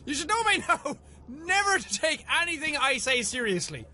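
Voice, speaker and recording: A young man with a very high, bright voice gives excitable let's play commentary. He swears freely and talks back to the creatures on screen. His pitch jumps around wildly as he reacts. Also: moderate pace. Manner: excitable, swears often, talks to game characters. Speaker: gamer.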